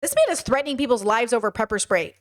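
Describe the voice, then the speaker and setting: A young woman streams her reactions, talking bluntly and with open exasperation. Her voice sits high, and she swears freely as she reacts. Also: expressive, fast talker, crowd noise. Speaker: commentary streamer. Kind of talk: reaction commentary to protest footage.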